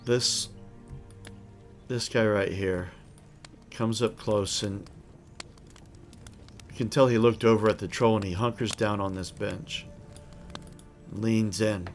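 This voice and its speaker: Low-voiced game master narrating a tabletop scene. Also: male voice, steady tone, slow, long pauses, faint music behind.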